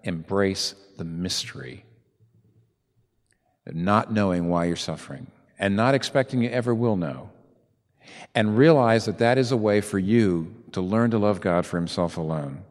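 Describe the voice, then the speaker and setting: A man preaching a sermon as pastor, swinging from soft asides to loud, emphatic peaks. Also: on the low side, unhurried, long reverb tail.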